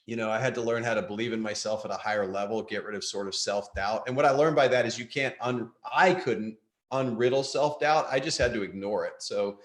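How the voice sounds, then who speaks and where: A man's voice: lowish voice, a little fast. A man in his fifties giving a candid, self-deprecating motivational talk to an audience, often restarting his sentences. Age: 50s. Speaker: guest speaker. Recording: echoey room.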